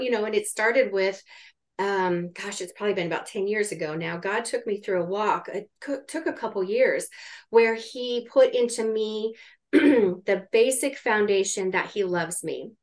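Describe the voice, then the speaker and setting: A woman's voice: mid-range voice, moderate pace. A middle-aged woman in a live coaching session, speaking earnestly and urgently and thinking aloud as she works out her ideas. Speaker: coach in training.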